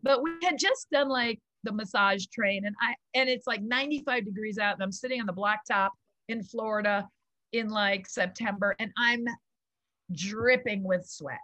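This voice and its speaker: A middle-aged woman, a yoga founder, tells stories in an animated, gushing way and laughs often. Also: medium pitch, moderate pace, no room sound. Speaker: guest, kids yoga founder. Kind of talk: casual storytelling interview.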